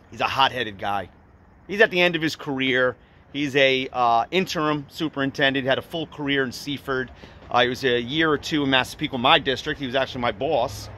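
A middle-aged man, a parent vlogging casually and retelling a dispute in an animated, indignant way. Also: medium pitch, slight background noise. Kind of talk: casual to-camera vlog.

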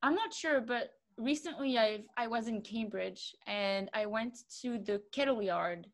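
A woman's voice: on the high side, measured pace. Chatty young woman from Luxembourg. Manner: chatty, loose, trailing fillers. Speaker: quiz round host. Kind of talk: casual online quiz chat.

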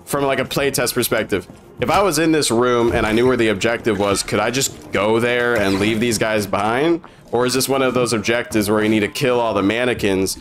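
A young man giving excitable, profane reaction commentary on a game trailer, often incredulous. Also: medium pitch, brisk, faint music behind.

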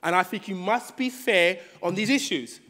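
A man's voice: high voice, normal speed, bright, forceful tone. A man voicing an ungrateful, greedy male lion in a children's story told from the pulpit. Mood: pleading, smug. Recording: church hall reverb.

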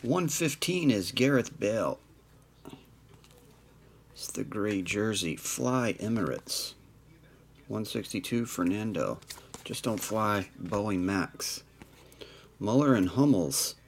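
A man's voice: on the low side, animated, slight background noise. A man hosting a live trading card break, reading out players and numbers with dry asides. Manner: unhurried, reads off card numbers with dry jokes.

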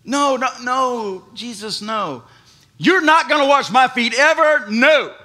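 A male preacher acting out the apostle Peter as an impulsive grown man, loud and high as he protests and then eagerly pleads. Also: slow pace, heavily acted. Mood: protesting.

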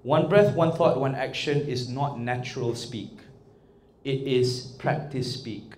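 Animated male workshop trainer, echoey room. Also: medium pitch, slow pace. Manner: animated, coaxing, asks the audience often. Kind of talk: interactive workshop talk. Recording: echoey room with faint ambience.

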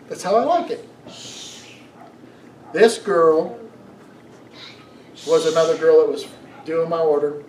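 A middle-aged man preaching a sermon as pastor, telling stories in an animated way and asking the congregation questions. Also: on the high side, takes it slowly, pauses often, a little hiss or hum. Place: church sanctuary. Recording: echoey room, mic from a distance.

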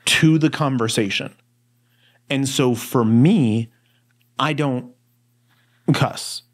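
A co-host of a Bible study podcast, this man has a mid-range voice and a slow pace. He chats casually and rambles through his stories, using many fillers.

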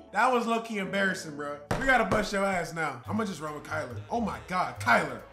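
A young man, excitable and foul-mouthed, swinging between yelling and muttering. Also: sits high, moderate pace. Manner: excitable, swears, trash talk. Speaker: gaming YouTuber. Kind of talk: casual gameplay commentary. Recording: roomy echo with loud game music.

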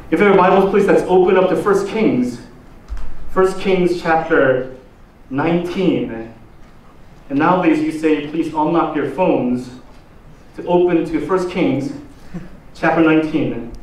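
A man's voice: a little high, a little mellow. Man preaching in an echoey church hall. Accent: Korean. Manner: slow, drawn-out questions to the congregation. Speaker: pastor. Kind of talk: sermon. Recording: roomy echo, distant mic, faint noise.

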